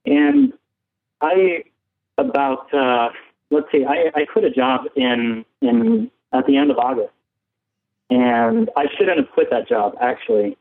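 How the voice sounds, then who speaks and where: A man from San Diego calling in to a show, halting, with many ums and nervous laughs. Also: fairly high pitch, very animated, creaky. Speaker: caller. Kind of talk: casual call-in chat. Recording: phone line.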